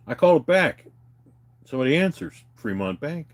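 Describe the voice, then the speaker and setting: A man's voice: on the high side, very animated, a little fast. A man venting in a heated, profane rant to his viewers, retelling a phone call. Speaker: vlogger.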